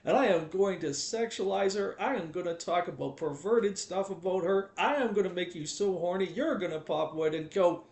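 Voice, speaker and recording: Male streamer, gravelly, slightly high, chatty and preachy; roomy echo. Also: normal speed, few pauses, a little mellow. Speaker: live streamer. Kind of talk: casual live-stream rant. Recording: echoey room.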